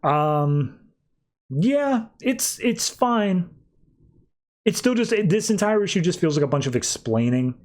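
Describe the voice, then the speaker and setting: Man, podcast host, casual comic recap, mid-high voice, offhand retelling. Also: big pitch swings, a little mellow. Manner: recaps scenes loosely, tossing in quick offhand voices for characters.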